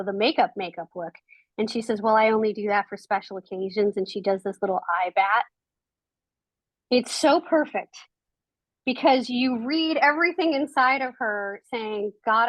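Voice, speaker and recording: A woman's voice: mid-range voice, no echo, low-quality recording. A woman guest on a podcast, a documentary filmmaker, telling reflective anecdotes in casual conversation. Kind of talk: casual interview chat.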